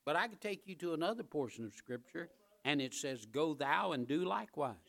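A man preaching a church sermon in a slightly high, bright and forceful voice. He hammers phrases home by repeating them and swells to loud, driving peaks. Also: big pitch swings, a little fast, creaky. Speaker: pastor.

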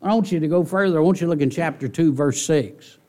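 A man preaching a sermon in church, folksy and animated, often asking the congregation rhetorical questions. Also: on the high side, fast talker. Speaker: pastor.

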